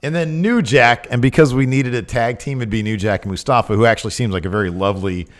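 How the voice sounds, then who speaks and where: A man co-hosting a podcast in casual chat, excitable, laughing often and trailing off mid-thought. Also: mid-range voice, quick pace. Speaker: podcast co-host.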